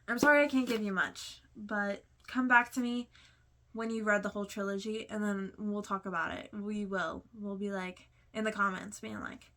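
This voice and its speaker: A young woman talks through her monthly reads in a loose, chatty way, full of fillers and excited asides. Her voice is bright and forward, and she rushes into gushing praise. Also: medium pitch. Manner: gushing, chatty, lots of "like" and "oh my god". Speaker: book vlogger. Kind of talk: casual book review chat.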